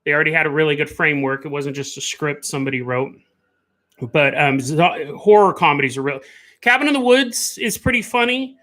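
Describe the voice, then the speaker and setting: Animated rambling man, bright high voice. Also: brisk. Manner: rambling, animated, laughs often. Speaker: podcast host. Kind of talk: casual live-stream chat.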